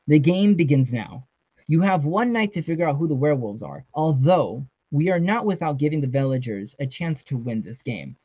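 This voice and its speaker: A man's voice: fairly high pitch, expressive, moderate pace, dark tone, breathy edge, no echo. Brief: male reader as a detached unseen game master giving orders. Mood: commanding. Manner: announcing orders. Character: unseen game master voice over a speaker, commanding and cold. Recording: dry, slightly dull sound.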